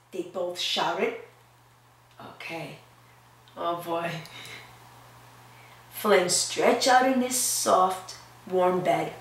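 A woman's voice: fairly low pitch, slow, reverberant, distant mic, slight background noise. A preschool teacher, a woman, reading a picture book aloud expressively and asking the children questions.

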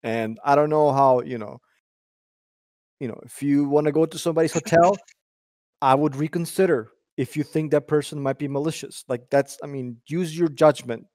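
A man with a somewhat high voice argues his point in a casual podcast chat. He rambles and restarts his sentences. The sound is close and dry, with no room around it. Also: steady tone, moderate pace, a little mellow, dry recording. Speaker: podcast guest.

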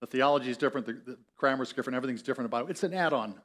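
Speaking rapid-fire in a medium-pitched, slightly bright voice, this man delivers a sermon as pastor in a church sanctuary. He has an Upper Midwest American accent and narrates casually, performing the characters' voices.

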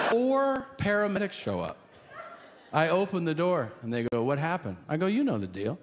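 A man performing stand-up comedy, telling a story with excitement and acting out the dialogue. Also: on the high side, normal speed. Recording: roomy venue, background noise.

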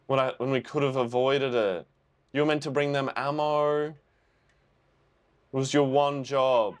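Young man reacting loudly to a war film. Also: medium pitch, a little slow, pauses often. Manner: emotional, swearing, exclaims at the screen. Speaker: reaction video host. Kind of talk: first-time movie reaction.

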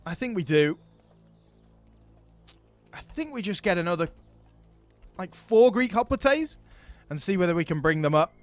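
A man hosting a strategy game let's play, chatting casually and thinking aloud, getting excited over his battles. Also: high-pitched, a little slow, pauses often, soft background music. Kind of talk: casual gameplay commentary.

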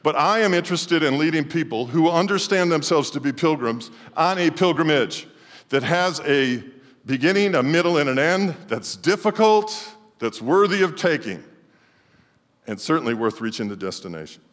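A middle-aged male pastor preaching a sermon emphatically, swinging between loud declarations and quiet asides. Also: a little high, lively intonation, moderate pace. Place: church sanctuary. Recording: long church hall reverb.

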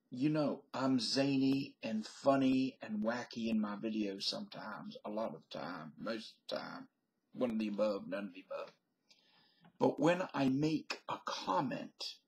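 This older man's medium-pitched voice is a little mellow, and the recording is rough. A vlogger at home, he talks into his webcam in a wandering stream-of-consciousness comedy monologue, laughing at his own gags.

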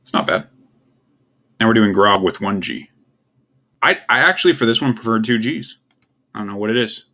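Gravelly, bright-toned young man ranking words. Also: lowish voice, lively intonation, normal speed, pauses often. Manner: offhand, puzzled, wry asides. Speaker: tier list video host. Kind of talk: casual solo commentary.

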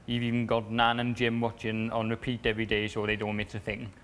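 A young man, a reality show contestant, reading a family letter aloud, halting and stumbling over words. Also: fairly low pitch, monotone, a bit bright, a little hiss or hum. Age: young adult.

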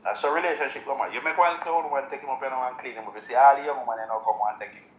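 A Jamaican man hosting a live show, talking in relaxed patois and laughing often. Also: medium pitch, rapid-fire, lo-fi sound. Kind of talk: casual chat. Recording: roomy echo, faint background noise.

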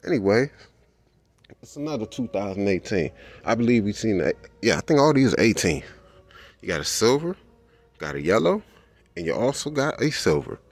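A man's voice: lowish voice, moderate pace, long pauses. Upbeat slangy man in a showroom. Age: adult with kids. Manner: excited, slangy, repeats "man" a lot. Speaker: vlogger touring a car dealership. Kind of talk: casual walkaround vlog. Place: indoor car showroom.

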